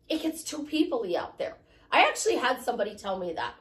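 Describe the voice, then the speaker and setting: A woman's voice: high-pitched, sing-song, fairly quick. A woman life coach giving a chatty, motivational talk, repeating her points and joking about herself. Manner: chatty, repetitive, self-deprecating. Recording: voice from a distant mic.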